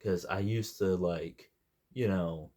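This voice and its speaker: A man's voice: low-pitched, slow, mellow. A young man giving a casual, unscripted movie review, rambling and jokey and wandering off on tangents.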